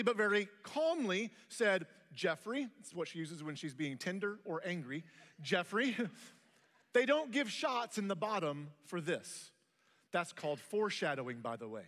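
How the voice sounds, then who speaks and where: Bright, high-voiced pastor in an echoing hall. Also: male voice. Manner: humorous storytelling. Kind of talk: sermon.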